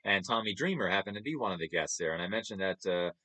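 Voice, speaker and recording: A man's voice: deep voice, expressive, fast, sharp tone. Chuckling New man. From New York. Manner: chatty, chuckles often, upbeat. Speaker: streamer. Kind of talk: casual chat over photos.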